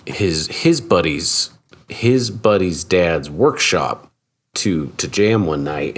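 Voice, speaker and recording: A man with a strikingly deep, low voice, chatting casually as an interview guest. He is relaxed and self-deprecating and laughs easily. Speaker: guest guitar builder.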